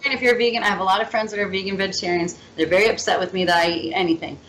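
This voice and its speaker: A woman guest on a radio interview, telling stories in a lively, playful, chatty way. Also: medium pitch, very fast, a little hiss or hum, poor audio. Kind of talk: casual interview storytelling.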